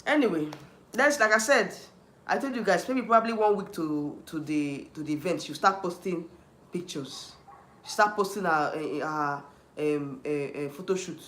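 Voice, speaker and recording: A man with a Nigerian accent rants on a livestream, hammering the same points and breaking off to answer chat. His voice sits high and sounds bright and forceful. The room around him rings with a noticeable echo. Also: lively intonation, normal speed. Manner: heated, repetitive, restarts often, answers chat. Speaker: YouTube livestream host. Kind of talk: ranting livestream commentary.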